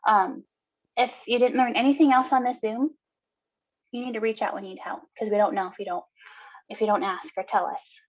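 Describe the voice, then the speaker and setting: Earnest, higher-voiced woman giving pep talk. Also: steady tone, a little fast. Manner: earnest, encouraging, many "um"s. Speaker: co-host. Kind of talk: casual motivational talk. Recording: dull lo-fi video call audio.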